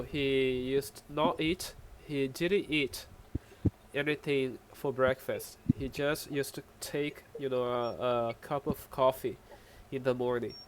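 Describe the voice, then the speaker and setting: Slow, patient Brazilian man teaching. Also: medium pitch, slight background noise, poor audio. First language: Portuguese. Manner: slow, patient explaining with frequent "okay?" checks. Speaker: Portuguese teacher. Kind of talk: online language lesson.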